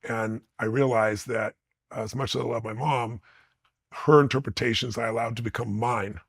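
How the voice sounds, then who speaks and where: A man's voice: medium pitch, fairly even intonation, moderate pace, husky, no room sound. A man being interviewed, telling personal stories with intensity and blunt emphasis. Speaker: interview guest. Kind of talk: animated personal storytelling.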